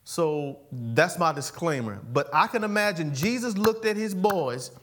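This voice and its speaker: A male pastor preaching a sermon, playful and animated, constantly calling the congregation to answer "amen". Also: on the high side, unhurried. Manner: animated, playful, calls for amens. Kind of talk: sermon with call and response.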